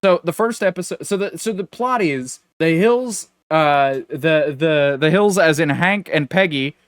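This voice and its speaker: A young adult man co-hosting a podcast, talking in casual, rambling chat that is animated and full of restarts. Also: on the high side, measured pace, smooth, no echo. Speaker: podcast co-host.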